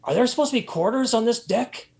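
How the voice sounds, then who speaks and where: A man voicing a flustered male Ferengi alien engineer who asks hurried, anxious questions. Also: very high-pitched, animated, a little mellow, voice pushed up.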